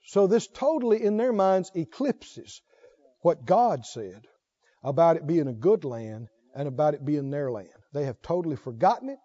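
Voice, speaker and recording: A man's voice: fairly high pitch, very animated, normal speed, mellow, dull audio. A man preaching a sermon, reading scripture aloud and calling questions out to his congregation. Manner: calls out questions to the congregation, reads scripture aloud with rising fervor.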